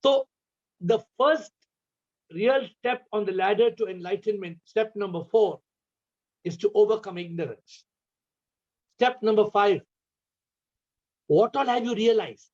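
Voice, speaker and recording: A man's voice: high-pitched, measured pace, long pauses, a little mellow. Indian man teaching over a dull video call. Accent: Indian English. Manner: asks the audience repeated questions. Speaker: spiritual teacher. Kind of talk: spiritual talk on a video call.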